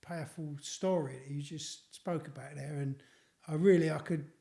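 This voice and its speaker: A man's voice: on the high side, steady tone, normal speed, gravelly, dark tone, reverberant. A man hosting a podcast, responding to his guest with affirming reflections. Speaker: podcast host. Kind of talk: casual interview chat.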